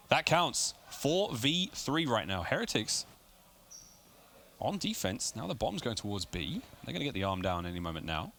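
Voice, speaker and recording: A man calling play-by-play for a competitive video game match, rapid and rising to shouts on big plays, with game noise behind him. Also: mid-range voice, very animated. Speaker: esports caster. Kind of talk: play-by-play commentary.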